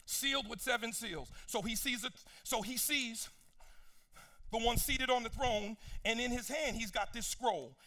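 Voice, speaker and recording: A man preaching a sermon, reading scripture with casual asides, swinging between soft low passages and sung, shouted peaks. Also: unhurried.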